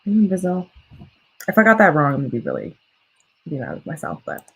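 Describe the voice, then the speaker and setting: Chatty young woman, husky low voice. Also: wildly swooping pitch, quick pace, a bit bright, rough recording. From United States. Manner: chatty, rambling, self-correcting. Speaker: livestream host and student writer. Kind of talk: casual livestream chat reading comments.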